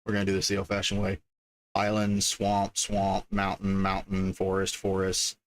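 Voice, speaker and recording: Casual male streamer, slightly low voice, chatty and easily delighted. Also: completely flat delivery, normal speed. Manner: chatty, reading card names aloud, easily delighted. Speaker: streamer opening card packs. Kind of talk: casual livestream chat.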